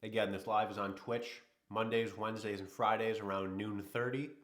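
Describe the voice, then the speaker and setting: A man with a low voice, hosting a casual livestream while a little under the weather. He rambles in an easygoing way and talks straight to his chat. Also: level tone, normal speed, fairly bright tone. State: sick. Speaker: livestream host.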